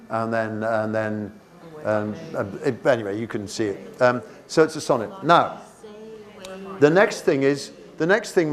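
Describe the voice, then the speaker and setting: A man leading a teacher workshop, reading poem lines aloud and asking the room questions, with many restarts. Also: medium pitch. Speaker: teacher trainer.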